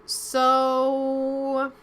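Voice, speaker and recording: Bright, excitable woman gamer. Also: sits high, extremely slow, a little hiss or hum. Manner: giggly, excitable. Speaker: co-player. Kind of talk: casual gaming chat.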